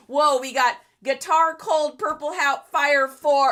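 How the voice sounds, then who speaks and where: A woman's voice: high-pitched, unhurried, slight background noise. A middle-aged woman chatting casually to livestream viewers, getting worked up and ranting. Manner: animated, ranting, gets worked up. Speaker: reseller livestreaming product photography.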